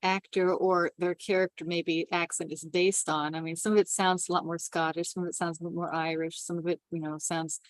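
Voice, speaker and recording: A thoughtful woman weighs her words in a casual group discussion. Her voice sits a little low and the recording is dry and close. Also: little pitch movement, brisk, hardly any pauses, dry recording, rough recording. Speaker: table read participant.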